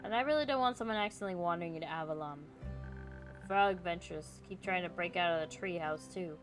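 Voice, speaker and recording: A woman voicing a weary, experienced male elf ranger who speaks quietly and tiredly. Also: quick pace, music in the background, lightly acted. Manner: tired, low-key.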